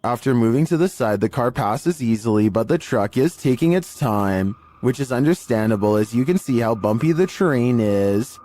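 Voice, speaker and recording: A man giving scripted narration of eerie video clips in a measured, even storytelling delivery. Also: medium pitch. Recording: faint music bed under voice.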